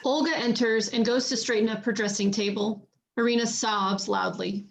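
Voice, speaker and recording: Vrouw die regieaanwijzingen voorleest. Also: female voice, a little high, steady tone, normal speed, vocal fry, poor audio. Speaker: stage-direction reader. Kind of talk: reading stage directions.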